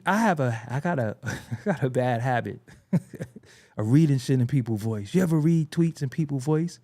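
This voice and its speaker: A man's voice: fairly high pitch, vocal fry, a little mellow. A young American man hosting hip-hop commentary, ranting casually with profanity, restarts and laughs. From United States. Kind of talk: casual rant to camera.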